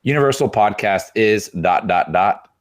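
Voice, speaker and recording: A man's voice: lowish voice, lively intonation, normal speed. A man co-hosting a podcast, reading out listener messages and laughing between them. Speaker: podcast co-host.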